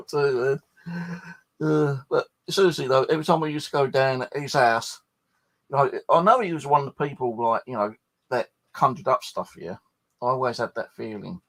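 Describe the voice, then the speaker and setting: A man's voice: medium pitch, a little fast, fairly bright tone, breathy edge. A man hosting a paranormal channel, chatting casually and rambling, swearing freely as he talks. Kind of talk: casual late-night chat.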